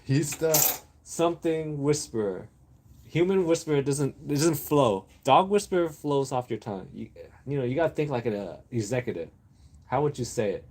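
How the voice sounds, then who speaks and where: A man hosting a casual livestream, rambling through random topics with viewers, laughing often and brainstorming out loud. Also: mid-range voice, animated, normal speed. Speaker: livestream host.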